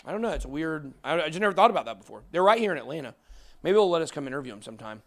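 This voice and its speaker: A man hosting a crypto talk show, emphatic and excitable, ranting into the camera. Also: a little high, very fast. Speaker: crypto channel host. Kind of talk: fired-up casual talk on camera.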